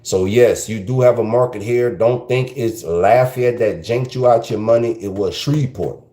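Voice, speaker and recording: Mellow and medium-pitched, this South Louisiana Creole podcast host speaks at a normal pace in a roomy-sounding space. He rambles through a loose, casual monologue, sprinkling in Creole French.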